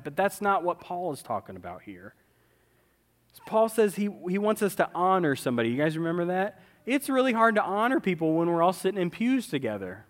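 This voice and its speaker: Chatty man preaching in a lively sermon. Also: high-pitched. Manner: conversational, keeps asking "right?", acts out quoted voices. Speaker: pastor. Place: large church hall.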